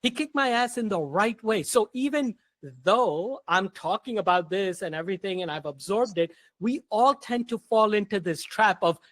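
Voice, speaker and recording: A man's voice: high voice, moderate pace, few pauses, a bit bright, no room sound. A man talking as a podcast guest, telling stories bluntly and emphatically, with casual slang. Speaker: guest, entrepreneur.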